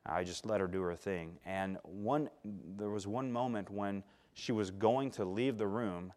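A male preacher telling a personal story in a sermon, shifting between loud emphasis and hushed tones and calling for responses from the congregation. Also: fairly low pitch, unhurried. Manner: calls for audience response.

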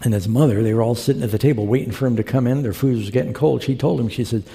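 Man, preacher, sermon, folksy storyteller, gravelly, long hall reverb. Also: medium pitch, racing, mellow. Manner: folksy storyteller, acts out quoted characters.

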